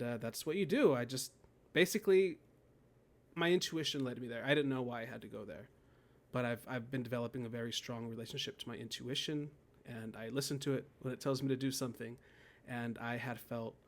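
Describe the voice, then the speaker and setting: A man in his thirties, talking through a personal story in a relaxed interview. His voice sits mid-range and he keeps his delivery loose and conversational, breaking into laughter and acting out his own thoughts. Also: medium pitch. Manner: laughs often, animated storytelling with quoted inner voices. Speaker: guest, poet and death doula.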